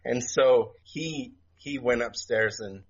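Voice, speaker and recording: A middle-aged man telling stories as a podcast guest, soft-spoken and halting, with many fillers and restarts. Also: medium pitch. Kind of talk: casual storytelling interview. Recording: dull lo-fi remote audio, faint noise.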